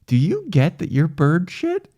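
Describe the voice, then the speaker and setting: A man voicing God as a dismissive, mocking figure with slow, sneering delivery. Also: fairly high pitch, huge pitch swings, mellow, voice pushed up, exaggerated voice.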